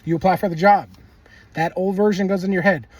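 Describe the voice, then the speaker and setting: A man's voice: sits high, fairly even intonation, brisk, distant mic. A man giving casual, emphatic motivational talk, repeating himself and swearing bluntly. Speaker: manifestation video creator.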